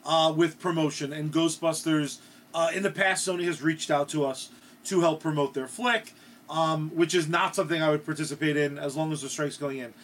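A man with a high voice cohosts a casual comedy podcast, drifting between crude jokes and hesitant, rambling points. His talk is full of ums and restarts. A faint hum of noise runs behind him. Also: steady tone, normal speed, a bit bright. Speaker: podcast co-host.

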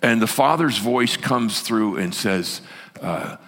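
A male pastor preaching a sermon in an animated way, swinging from loud to hushed, heard in a reverberant church hall. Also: on the low side, a little slow.

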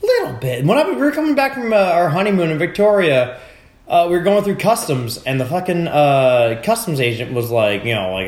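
A man's voice: a little high, big pitch swings, brisk, reverberant. Rambling, profane man hosting a podcast. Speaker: podcast host. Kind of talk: casual chat.

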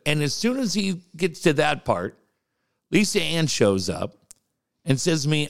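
A middle-aged man co-hosting a podcast, telling stories in casual chat, animated and profane, often laughing as he talks. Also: on the high side, unhurried, creaky. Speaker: podcast co-host.

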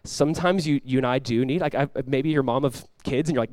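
A man's voice: medium pitch, quick pace, few pauses, darkish tone, dry recording. A man preaching a sermon as pastor, talking casually with the congregation and rising into emphatic bursts.

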